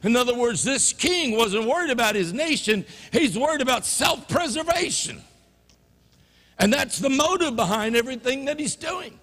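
A pastor with a Louisiana Southern accent preaching a sermon in a church sanctuary, swinging from low murmurs to loud emphatic peaks. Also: male voice, animated, moderate pace. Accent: Louisiana Southern American. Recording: reverberant church hall.

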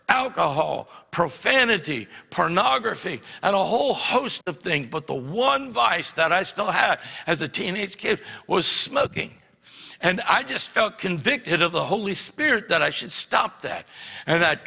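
A man preaching a sermon, telling a personal story with animated, acted-out quotes. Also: high voice, gravelly. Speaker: pastor. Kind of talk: sermon testimony. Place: church sanctuary. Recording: church hall reverb.

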